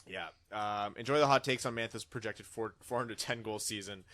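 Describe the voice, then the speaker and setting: A man's voice: fairly low pitch, moderate pace, hardly any pauses, fairly bright tone. A man hosting a casual podcast, reading listener comments aloud in a chatty way. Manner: chatty, reads comments with put-on dramatic voices. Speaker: podcast host.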